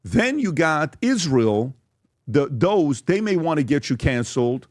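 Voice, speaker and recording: A man's voice: a little high, big pitch swings, measured pace, darkish tone, no room sound, clean studio sound. A man hosting a podcast, talking through posts and questions in an emphatic way, often checking in with "okay?". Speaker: podcast host. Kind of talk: talking through social media posts on a show.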